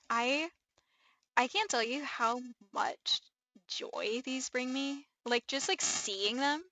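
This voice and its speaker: A young woman with a Midwestern accent chatting on a live stream, excitable and gushing, rambling with lots of fillers. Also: high voice, no room sound, poor audio. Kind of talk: casual live-stream chat.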